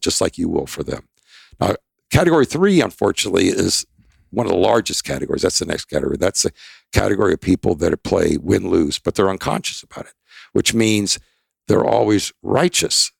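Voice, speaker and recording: A man's voice: sits low, lively intonation, a little fast, gravelly, slightly rough, no echo. An older man, a podcast guest, telling rambling, emphatic anecdotes in a casual interview. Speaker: expert guest.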